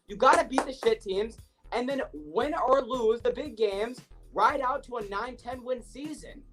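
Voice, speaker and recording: A man's voice: very high voice, fairly bright tone, rough recording. A man co-hosting a sports podcast, ranting with heavy profanity and frustration. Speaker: podcast co-host. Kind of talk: heated sports rant.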